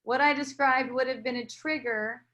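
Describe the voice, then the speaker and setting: A woman leading a casual spiritual dialogue, speaking gently and reassuringly with many restarts. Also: sits high, steady tone, normal speed. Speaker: spiritual teacher.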